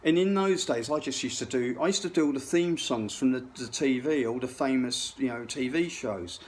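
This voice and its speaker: A man's voice: mid-range voice, normal speed, a little hiss or hum. A middle-aged man telling a rambling, profane story, full of restarts. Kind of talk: rambling anecdote.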